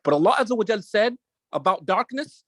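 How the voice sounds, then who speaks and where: A man's voice: high voice, lively intonation, a little fast, a bit bright, no echo. A man hosting a show, speaking emotionally and emphatically in a preaching cadence, repeating his phrases for weight. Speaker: show host. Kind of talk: impassioned commentary.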